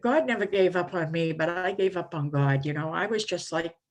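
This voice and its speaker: A woman's voice: fairly low pitch, normal speed. An older woman speaking at a conference, telling her recovery story in a candid, conversational way with frequent fillers. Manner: candid, conversational, many "you know" fillers. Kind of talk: personal testimony talk.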